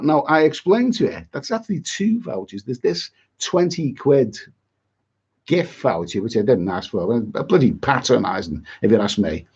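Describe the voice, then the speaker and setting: A man's voice: a little high, sing-song, moderate pace, breathy edge, highs cut off. A middle-aged man on a livestream, chatty and exasperated, rambling with many repeats and asides. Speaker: travel vlogger on a livestream.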